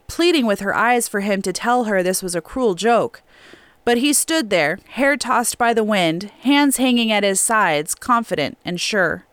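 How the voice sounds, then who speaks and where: The smooth, resonant voice of a woman narrating an audiobook in a steady storytelling manner. It is recorded close and dry, with no room sound. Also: mid-range voice, dry recording. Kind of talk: scripted narration. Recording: clean dry studio recording.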